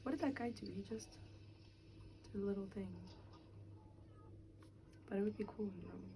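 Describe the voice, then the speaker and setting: A young woman in casual chat as an interviewee, talking outdoors on a city street, chatty and quick to laugh, with lots of fillers. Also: medium pitch, noisy background. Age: young adult.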